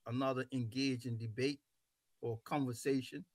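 A man hosting a radio talk show, relaxed and teasing as he wraps up the show. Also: mid-range voice, moderate pace, dry recording. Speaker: host.

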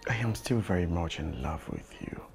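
A man playing a gravelly, remorseful husband. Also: low voice, animated, normal speed, soft background music. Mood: remorseful pleading. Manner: earnest, pleading. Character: remorseful young husband begging for forgiveness.

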